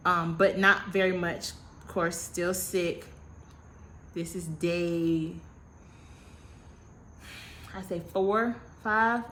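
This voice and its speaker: A woman in her thirties telling a personal story to camera in a casual, animated way, dramatic and repetitive, with slangy, self-mocking asides. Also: medium pitch, a little hiss or hum. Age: 30s. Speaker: vlogger.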